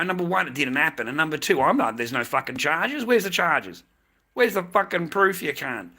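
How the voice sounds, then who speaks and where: Heated australian man, lots of swearing, sharp husky tone, fairly high pitch. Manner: swearing, heated, repeats himself. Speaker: livestreamer. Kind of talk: angry livestream rant.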